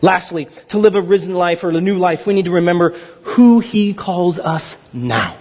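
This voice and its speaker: Male pastor, high husky voice, dull lo-fi recording, conversational sermon. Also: normal speed. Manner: conversational storytelling, lively and self-deprecating. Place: church sanctuary. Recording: dull lo-fi sound.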